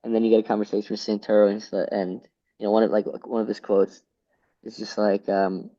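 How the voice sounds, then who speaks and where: A man's voice: on the low side, little pitch movement, fairly quick, dark tone. A man in his late twenties from Pennsylvania, a former wrestler telling stories in an interview, rambling and restarting with lots of fillers. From Pennsylvania, USA. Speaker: guest, former college wrestler. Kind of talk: casual interview storytelling. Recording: slightly dull lo-fi sound.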